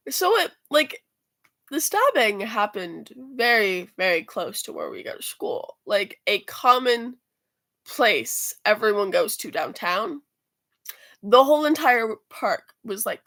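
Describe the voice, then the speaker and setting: A woman talks straight to her camera in a loose, rambling way, dropping curses and restarting her sentences. Her voice sits a little high and swoops widely up and down, with plenty of gravelly fry at the ends of phrases. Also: a bit bright. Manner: swears freely, rambling with fillers and restarts. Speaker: student vlogger. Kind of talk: casual rambling storytelling.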